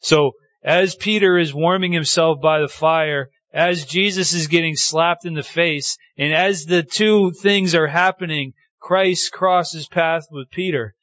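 A man's voice: a little slow, hardly any pauses, no echo, muffled recording. A man preaching a sermon, telling the story with feeling and acting out the quoted lines. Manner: animated storytelling, acting out quotes with pitch swings. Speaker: pastor.

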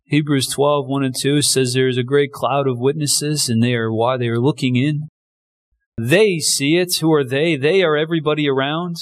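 A man's voice: medium pitch, steady tone, moderate pace. A man preaching a sermon in a conversational way, often restarting lines and acting out short quotes. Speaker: pastor.

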